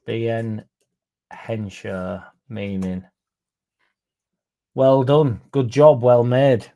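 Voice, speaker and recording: A man's voice: medium pitch, steady tone, extremely slow, vocal fry, warm tone, highs cut off. A young man hosting a football fan livestream, chatting sarcastically and reading out viewer comments. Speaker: fan channel host.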